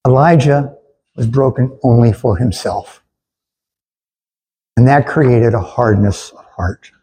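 A man's voice: medium pitch, slow, mellow, slightly rough, low-quality recording. A man preaching a sermon in an earnest way, with stammered restarts, and he asks the congregation to repeat lines after him. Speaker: pastor.

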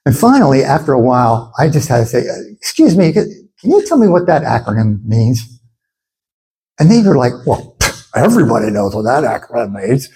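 A man preaching a sermon in an animated way, acting out the voices of his listeners as he goes. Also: medium pitch, normal speed, poor audio. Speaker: pastor.

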